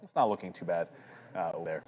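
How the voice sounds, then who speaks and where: A man's voice: sits low, fast talker, a little mellow, rough recording. Chatty man co-hosting a trading stream. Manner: chatty, upbeat, addresses chat viewers. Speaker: trading show co-host. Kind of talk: live market commentary chat.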